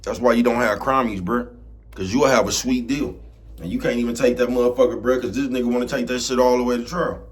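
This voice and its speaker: A male vlogger rants casually to camera in a laid-back, streetwise way, though he gets loud and heated, and he keeps asking "you know what I'm talking about". He talks fast at a medium, steady pitch.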